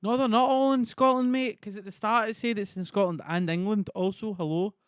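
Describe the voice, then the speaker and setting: A man's voice: high voice, fairly even intonation, brisk, clean tone, no room sound, clean studio sound. A man reading a play on a live stream, swearing and bantering in exasperation with his chat. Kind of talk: casual livestream reading.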